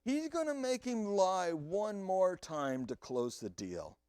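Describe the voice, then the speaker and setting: A male pastor delivering an animated sermon and talking straight to his congregation. His voice rises and falls a great deal, and he takes his time with each phrase. The recording is dry, with little room sound. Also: high-pitched, slow, clear, resonant tone, dry recording.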